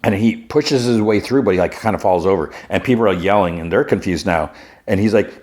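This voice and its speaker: Low-voiced man recapping a show. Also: fairly quick. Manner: animated retelling, acting out characters' lines in a raised voice. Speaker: podcast host. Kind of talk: casual movie and TV recap.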